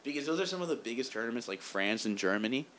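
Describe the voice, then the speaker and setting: A man in casual chat, telling animated stories, laughing often and swearing as he acts out quoted lines. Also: mid-range voice, quick pace.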